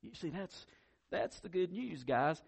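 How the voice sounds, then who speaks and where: A pastor preaching a sermon, animated, swinging from loud emphasis to quiet asides and doubling his words when excited. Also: sits high, measured pace, creaky, breathy edge.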